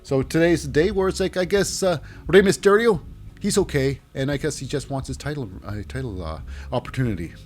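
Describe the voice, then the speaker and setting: A man talks through a wrestling episode in a loose, rambling recap, full of fillers and restarts. His pitch sits a bit high and swings widely from line to line. Faint music plays under him. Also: fairly quick. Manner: rambling, filler-heavy, animated. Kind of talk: casual recap commentary.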